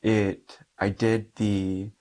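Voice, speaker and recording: A man's voice: lowish voice, level tone, drawn-out words, dark tone. A young man, a Catholic priest, telling his own story in an interview, earnest and candid, laughing often and acting out what others said.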